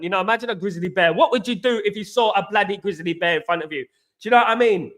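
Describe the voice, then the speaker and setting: A football channel host talks fast in a high, slightly bright voice. During his relaxed live stream he rambles, repeats himself, and responds to viewers' comments as he reads them.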